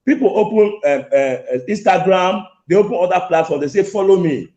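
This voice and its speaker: A man's voice: sits high, expressive, fairly quick, mellow, muffled recording. A man calling in, repeating his points insistently and confronting the host. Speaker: caller. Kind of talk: heated call-in argument. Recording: echoey call-in line.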